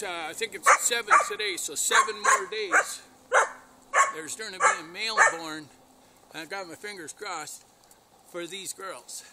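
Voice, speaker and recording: A man speaks slowly and easily to his camera outside on a snowy day, stopping now and then to call his dogs. His voice sits a little high for a man. The outdoor camera audio carries a clear hiss of background noise, with dogs barking behind him. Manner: calls and coaxes dogs in between talking to the camera. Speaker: dog breeder. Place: outdoors at a kennel in light snow.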